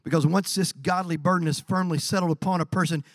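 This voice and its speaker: A man preaching a sermon as pastor, animated, acting out quoted voices and swinging from quiet lines to shouts. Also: fairly high pitch, quick pace, dry recording, clean studio sound. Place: church.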